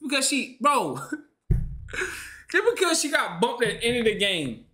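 A man's voice: very high-pitched, very animated, unhurried, sharp tone, slight background noise. A young man streaming a reaction to a sports clip, ranting in an exasperated, slangy way. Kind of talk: casual reaction commentary.

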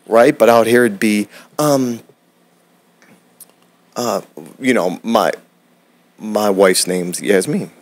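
Low-voiced guy from detroit, swears a lot, acts out little bits of dialogue while he talks. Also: slow, pauses often. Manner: blunt, profane, acts out quotes in voices. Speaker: guest, acting coach. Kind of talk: casual podcast chat.

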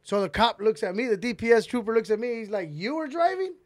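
A man hosting a podcast, telling a long story in a rambling, animated way and swearing heavily, on a close mic. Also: high-pitched, fast talker, no room sound. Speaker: podcast host. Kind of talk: casual storytelling.

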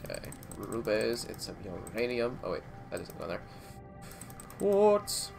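A man giving chatty let's play commentary, talking to himself as he plays, with quick exclamations and bursts of laughter. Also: fairly low pitch, gravelly, soft background music. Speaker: gaming streamer.

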